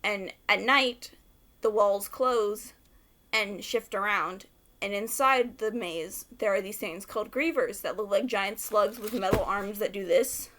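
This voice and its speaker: A young woman rambling excitedly to camera about favorite books, swearing freely. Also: mid-range voice, a little slow. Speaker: book vlogger. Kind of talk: casual rant to camera.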